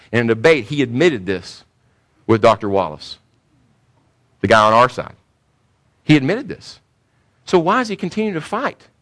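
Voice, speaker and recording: Male preacher, lowish voice, emphatic delivery, rhetorical questions and repetition, sermon teaching. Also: a bit bright. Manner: emphatic, repeats key points, asks rhetorical questions.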